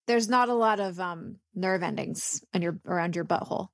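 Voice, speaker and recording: A woman's voice: on the low side, normal speed, no room sound, studio quality. A woman co-hosting a comedy podcast, frank and matter-of-fact with emphatic stories. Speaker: podcast co-host. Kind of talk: casual comedic chat.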